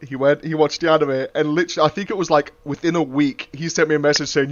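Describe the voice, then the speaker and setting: A man's voice: on the high side, fairly even intonation, fast talker, hardly any pauses. A man hosting a podcast in casual chat; he swears freely and acts out quotes. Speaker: podcast host. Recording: muffled lo-fi podcast audio.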